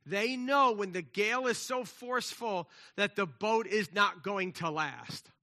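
Man preaching with slang, some hushed passages; higher voice, sharp and bright. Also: unhurried. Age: adult with children. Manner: animated, conversational preaching with casual slang; drops to a soft, hushed voice for quiet passages. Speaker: pastor. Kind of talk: sermon.

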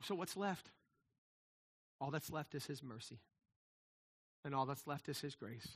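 A man's voice: fairly high pitch, lively intonation, unhurried. A middle-aged man preaching a sermon in a conversational way, often restarting and asking "right?". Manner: conversational preaching, many repeated words and restarts, asks "right?". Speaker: pastor.

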